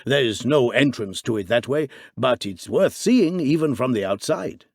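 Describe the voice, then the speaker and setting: A male audiobook reader voicing a steady, wry male companion who speaks in a calm, measured way. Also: mid-range voice, vocal fry, dry recording, clean studio sound, pitched above the performer's own voice.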